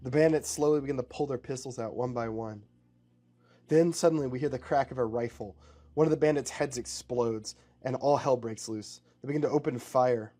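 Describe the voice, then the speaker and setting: A man's voice: medium pitch, a little fast, dark tone. Casual man narrating a story. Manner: casual, rambling, with fillers.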